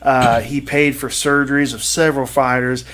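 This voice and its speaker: A man's voice: mid-range voice, little pitch movement, normal speed, a bit bright. A man co-hosting a podcast, telling a sports story in casual, rambling chat with lots of "uh" and "you know.". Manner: rambling storytelling with many fillers. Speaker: podcast co-host.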